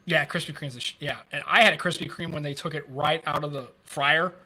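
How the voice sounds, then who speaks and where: A man's voice: on the high side, a little fast, crowd noise. A man in his fifties from the United States, co-hosting a podcast and telling stories in casual chat, swearing freely. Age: 50s. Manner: animated storyteller, swears freely. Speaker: podcast co-host.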